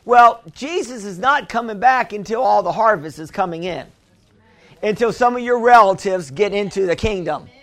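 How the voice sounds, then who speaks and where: A man's voice: high voice, animated, normal speed, a bit bright. A male pastor preaching a sermon, calling on the congregation for amens and repeating phrases for emphasis. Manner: preaching with call-and-response, asking for amens.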